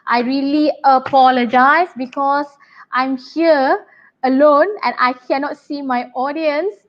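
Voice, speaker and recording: High-voiced woman teaching online. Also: fairly even intonation, highs cut off. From Malaysia. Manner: brisk, chatty and apologetic, addressing pupils warmly. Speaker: English teacher. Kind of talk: online workshop lesson.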